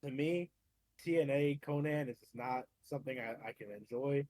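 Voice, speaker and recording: A man's voice: mid-range voice, normal speed, a little mellow, no echo. A man co-hosting a podcast, talking casually with stammering restarts and swearing for emphasis. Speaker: podcast co-host. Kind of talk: casual chat.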